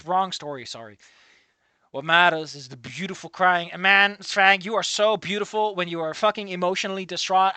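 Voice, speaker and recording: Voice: mid-range voice, pushed and bright, no room sound. A person reading a fan story aloud and breaking off for sarcastic, swearing commentary. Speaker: fanfic reader and reviewer.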